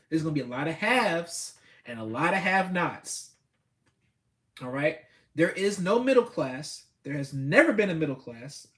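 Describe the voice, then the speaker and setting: A man's voice: high voice, a bit bright. A man giving a blunt, preachy motivational talk with speech, repeating himself for emphasis. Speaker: host.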